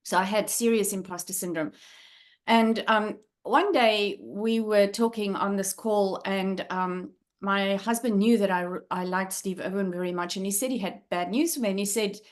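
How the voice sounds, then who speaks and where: A middle-aged South African woman speaks as a guest speaker, recounting her life in an earnest, reflective way. Her voice sits at an ordinary middle pitch, and she pauses often with soft fillers as she gathers her thoughts. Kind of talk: personal storytelling talk.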